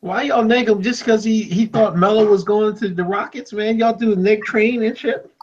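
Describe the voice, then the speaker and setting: A man voicing a loud conservative male veteran uncle who rants and heckles, his pitch jumping high when outraged. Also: moderate pace. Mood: incredulous. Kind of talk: comedic podcast role-play. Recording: dull lo-fi audio.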